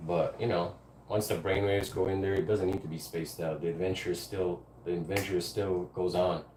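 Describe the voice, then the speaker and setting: A man's voice: deep voice, steady tone, moderate pace, distant mic, background noise. A man chatting casually to his viewers during a music livestream, laid-back and chuckling. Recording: roomy, off-mic, music behind. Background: faint music.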